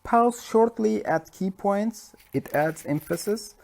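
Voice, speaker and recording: Turkish-accented male lecturer, mellow voice. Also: sits high, slow pace, creaky. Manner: conversational, many fillers and self-corrections. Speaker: university lecturer. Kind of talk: recorded lecture. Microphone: self-recorded lecture mic.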